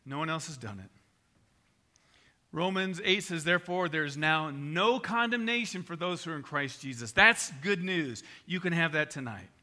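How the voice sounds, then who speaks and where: An older man preaching an evangelistic sermon in a conversational, animated way, mixing scripture with personal stories. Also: on the high side, moderate pace.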